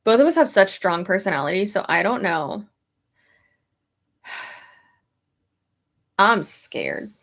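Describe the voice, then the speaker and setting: Slow, with frequent pauses and lively intonation, her mid-range voice carries a casual stream chat. The young pregnant YouTuber reads comments, thinks aloud and swears from time to time.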